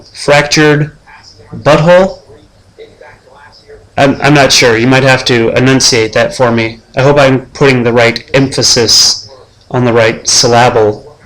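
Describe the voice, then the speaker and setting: A young man hosts a homemade sports-show preview as his fantasy league's commissioner. He ribs each player in a dry, deadpan tone. His voice sits at a medium pitch. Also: rough recording. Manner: deadpan trash talk.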